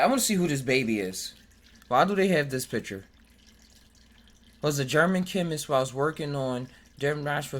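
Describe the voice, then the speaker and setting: A podcast host in casual chat who jokes, laughs often, and stumbles over hard words while reading aloud from web pages. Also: mid-range voice.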